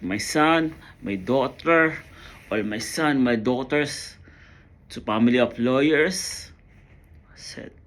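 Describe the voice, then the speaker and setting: A man telling an emotional personal story in a halting, earnest way, often repeating his words. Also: mid-range voice, fairly bright tone.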